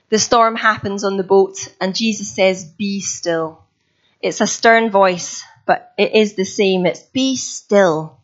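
Chatty woman preaching. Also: medium pitch. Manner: chatty, self-deprecating, laughs often. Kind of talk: informal sermon. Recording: slightly dull recording.

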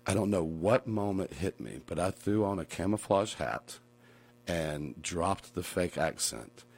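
A man's voice: sits low, expressive, vocal fry, husky. A man from Atlanta, Georgia with a Southern US accent, telling stories as a guest in a casual conversation and laughing often. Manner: storytelling, laughs often, quick bursts of speech.

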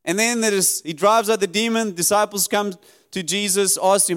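A man's voice: sits high, steady tone, normal speed, fairly bright tone. A man preaching a sermon, earnest and conversational, reading and paraphrasing scripture in a church.

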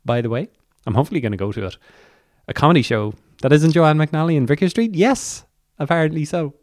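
A man's voice: medium pitch, no room sound, clean studio sound. A man with an Irish accent hosting a music podcast, talking through the show's lineup with rambling, self-deprecating asides. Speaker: podcast host. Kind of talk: chatty solo podcast intro.

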